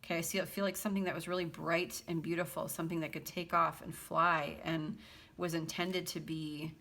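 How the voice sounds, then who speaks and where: Woman tarot reader, casual chat, giggly, lower register. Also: level tone, fairly quick, sharp tone. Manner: giggly, chatty, breaks into laughter often; reads song lyrics aloud in a half-sung lilt. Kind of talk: casual tarot reading to viewers.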